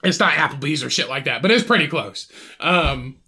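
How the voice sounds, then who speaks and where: A man's voice: a little high, animated, moderate pace, bright, forceful tone, breathy edge. A man hosting a podcast, telling a profane, rambling story and acting out the other people in it. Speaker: podcast host. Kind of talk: casual storytelling chat.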